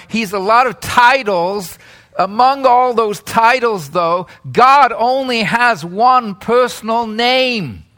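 A man preaching a sermon, high-pitched and bright in tone. He talks slowly and deliberately, then breaks into loud, animated calls on key words with a joking warmth.

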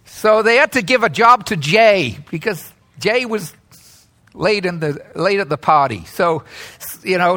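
A man preaching a sermon, high-pitched and bright in tone. He talks slowly and deliberately, then breaks into loud, animated calls on key words with a joking warmth.

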